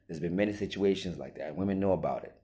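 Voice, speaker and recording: Man, very low voice, emphatic preachy monologue, rhetorical questions. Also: quick pace, mellow. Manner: acts out quoted voices. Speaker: commentator. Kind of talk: opinion monologue on relationships.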